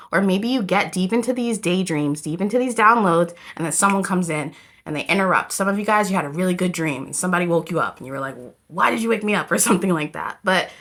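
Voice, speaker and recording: A woman's voice: mid-range voice, fairly bright tone. A woman giving a casual, rambling tarot reading to camera, talking straight to her viewers. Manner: chatty, rambling, addresses viewers as "you guys". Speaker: tarot reader.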